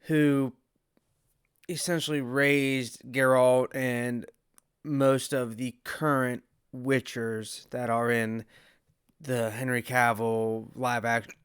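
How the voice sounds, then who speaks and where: Slow-talking man with hiccups. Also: mid-range voice, level tone, smooth, dry recording, studio quality. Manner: rambling with many restarts, hiccuping. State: has the hiccups. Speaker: video reviewer. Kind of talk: casual spoken review.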